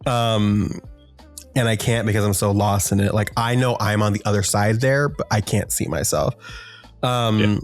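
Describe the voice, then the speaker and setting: A man with a fairly low voice talks loosely about songs, full of "like" and "you know," now and then singing a line. Faint music plays underneath the conversation. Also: fairly even intonation, moderate pace. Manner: rambling, many fillers, breaks into sung lyrics. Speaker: podcast co-host. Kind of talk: casual music discussion.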